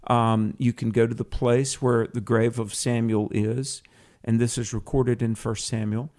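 A man's mid-range voice, darkish, a bit slow, and with little pitch movement, hosts a live Christian radio talk show from his home studio. A cat is nearby, and he stays upbeat and chatty despite frequent fillers and restarts.

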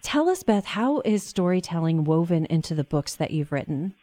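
A woman's voice: fairly low pitch, sing-song, normal speed, mellow, dry recording. A middle-aged woman hosting a faith talk show, telling a personal story in an earnest, emotional way. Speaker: host. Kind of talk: casual chat, storytelling.

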